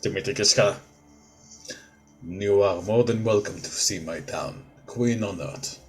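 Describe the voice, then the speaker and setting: A man voicing a weary, guarded middle-aged father who speaks with quiet, stiff formality. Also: fairly low pitch, measured pace, soft background music, voice pushed down, natural voice.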